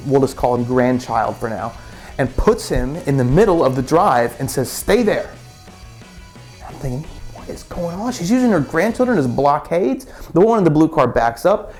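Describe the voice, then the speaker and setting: A man's voice: fairly high pitch, a little mellow. Man, rambling anecdote, frequent restarts, faint music in the background. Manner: rambling, many restarts and repeated words. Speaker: storyteller. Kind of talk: casual spoken storytelling.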